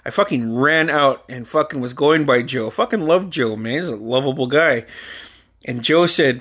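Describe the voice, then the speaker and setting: A man's voice: mid-range voice, lively intonation, normal speed, a bit bright, slightly rough. A man in his forties hosting a podcast, telling a story in a loose, profane, rambling way and laughing along. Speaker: podcast host. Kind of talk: casual storytelling.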